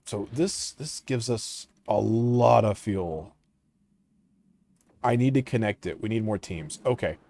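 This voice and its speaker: A man with a low voice talks through a strategy game in a relaxed, casual way. He often mutters half to himself, trailing off into quiet asides as he clicks through his choices. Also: slow, creaky. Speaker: gaming channel host.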